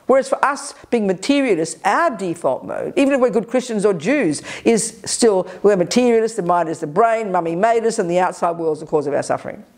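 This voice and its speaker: A woman teaching at a Buddhist retreat. She talks in a sharp, energetic, emphatic way and often breaks off to restart her sentences. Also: medium pitch. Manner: quick restarts and self-corrections. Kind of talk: retreat dharma talk. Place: retreat center.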